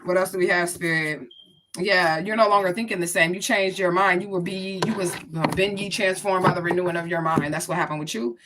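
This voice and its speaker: A woman's voice: lowish voice, fairly even intonation, brisk, fairly bright tone, slight background noise. A woman giving a casual spiritual reading to her viewers, blunt and profane, talking straight to them. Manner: blunt, profane, chatty, addresses viewers directly. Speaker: spiritual reader.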